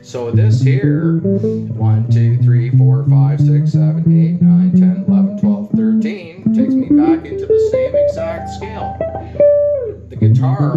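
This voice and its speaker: A guitar teacher's slightly high voice swoops wildly in pitch as he talks slowly through an informal lesson in his home garage. He's blunt and rambling, humming notes as he plays. The recording is dull, roomy lo-fi, dominated by loud electric guitar.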